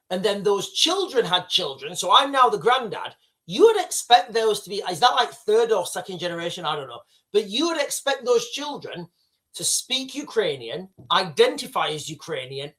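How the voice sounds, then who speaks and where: A middle-aged man from the United Kingdom hosts a livestream, rambling and going off on tangents as he addresses his chat in casual commentary. His voice sits high, with a bright, forceful tone.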